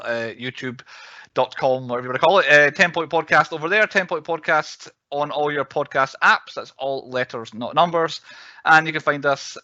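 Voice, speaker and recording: A man's voice: fairly high pitch, sharp tone, dry recording. A man hosting a casual podcast chat, rambling with lots of fillers and self-corrections. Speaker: podcast host. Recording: dull, dry recording.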